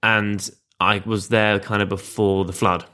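A man's voice: on the low side, flat delivery, unhurried, pushed and bright. A man being interviewed in a studio, talking candidly and chattily, now and then poking fun at himself. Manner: candid, chatty, self-deprecating, with laughs. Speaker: guest. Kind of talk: casual interview chat. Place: studio across a table.

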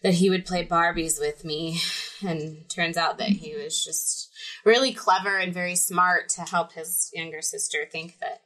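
A woman's voice: lowish voice, fairly even intonation, measured pace, a bit bright, poor audio. A young woman hosting a podcast, chatting casually and reflectively. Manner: chatty and reflective, with frequent restarts. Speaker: podcast host. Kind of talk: casual chat.

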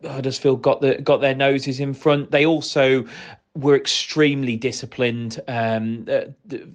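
A man calmly reflecting on a football match, fair-minded and analytical, with frequent restarts. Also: mid-range voice, a little slow. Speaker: pundit from the other club.

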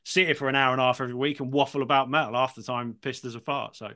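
A man's voice: mid-range voice, steady tone, racing, pushed and bright. A man hosting a metal podcast, chatting in a matey way and swearing freely. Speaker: podcast host. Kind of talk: casual chat.

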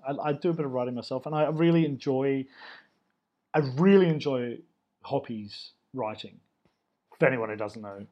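An Australian man in his thirties, a chef, chatting in a casual interview and telling stories from his career with open enthusiasm. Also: medium pitch. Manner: enthusiastic, loose storytelling. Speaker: chef, guest.

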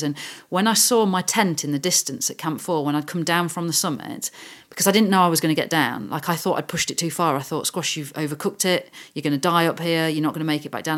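A woman in her thirties from the UK, a guest telling her adventure story in a casual interview, earnest and animated, acting out her own inner thoughts. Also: low voice. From United Kingdom.

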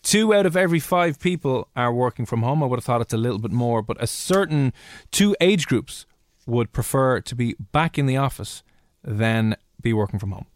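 A man's voice: mid-range voice, lively intonation, moderate pace, no echo. Man, Irish accent, radio host, casual banter, jokey, dry close studio mic. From Ireland.

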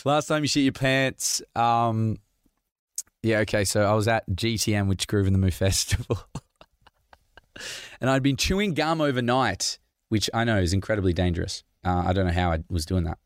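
A man's voice: on the low side, normal speed, clean tone, dry recording, studio quality. A man hosting a podcast, answering listener questions in a jokey, rambling way. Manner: jokey, rambling, laughs often. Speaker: podcast host. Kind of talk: casual Q&A chat.

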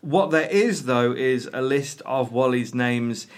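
A man's voice: medium pitch, takes it slowly. A British man from a podcast, chatting casually and reading out a list with dry humour. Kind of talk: casual banter.

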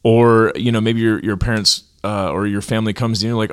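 Podcast co-host, thirties, slightly low voice, casual and advice-giving with a light joking touch. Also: male voice, steady tone, fast talker, hardly any pauses, clean tone. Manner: easygoing, offers advice, jokes lightly.

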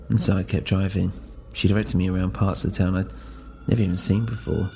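A man's voice: deep voice, steady tone, fairly quick, creaky, hardly any pauses, mellow, faint music behind. A man narrating a first-person audio drama in a brooding, introspective way.

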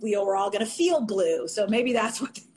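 A woman hosting a casual chat, bubbly and quick to laugh, asking her guest questions. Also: mid-range voice, lively intonation, noisy background. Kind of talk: casual conversation.

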